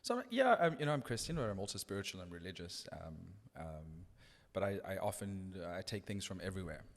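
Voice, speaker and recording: An earnest man recounts a story at a thoughtful pace. His voice sits low, and the room leaves a long reverb trail behind each phrase. He restarts his sentences often as he reflects. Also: sing-song, quick pace. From South Africa. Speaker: radio DJ guest. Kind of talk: casual podcast conversation.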